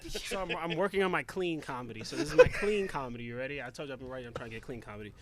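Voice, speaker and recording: A man's voice: medium pitch, animated, very fast, heavy background noise. A man, a comedian, delivering crude punchlines on a live comedy panel. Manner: brash, crude punchlines, hesitant openers.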